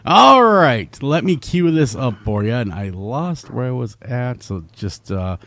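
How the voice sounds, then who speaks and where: A man's voice: mid-range voice, measured pace, no echo. A man co-hosting a talk show, joking and reading a news story aloud in casual chat. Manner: animated, jokey, reads news aloud. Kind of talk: casual radio-style chat.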